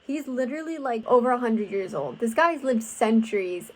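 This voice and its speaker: A young woman talks through a book review in a casual, blunt way, with a slightly higher voice. She is sarcastic, swears freely and leans on "like" as she acts out characters' lines from the scenes she retells. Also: lively intonation, moderate pace, few pauses, darkish tone.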